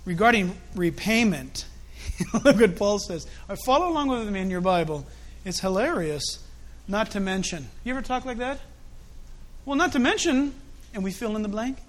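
A man preaching a sermon in an animated, conversational way, with chuckling asides. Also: sits high, a little fast.

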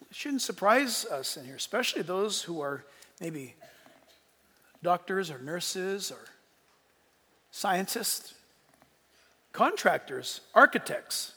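A man in his sixties preaching a sermon and telling his story earnestly, his voice swinging from hushed to emphatic. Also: high-pitched, big pitch swings, slow, long pauses, slightly rough, in a large hall. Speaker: pastor.

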